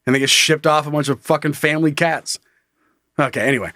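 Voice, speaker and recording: A man co-hosting a podcast, telling profane stories with lots of energy and bursting into shouted mock voices. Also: fairly high pitch, fairly even intonation, fast, dry recording, studio quality. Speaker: podcast co-host. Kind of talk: casual comedic chat.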